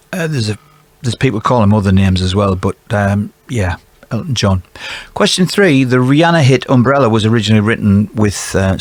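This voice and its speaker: A man's voice: on the low side, no echo. A man hosting a quiz and reading out the answers in a jokey, chatty way, with playful asides. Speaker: quiz host for a care provider.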